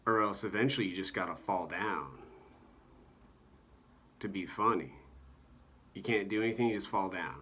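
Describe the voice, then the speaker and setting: A man giving a meandering monologue about comedy, halting often and filling gaps with "you know" and "like". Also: deep voice, sharp tone, slightly rough.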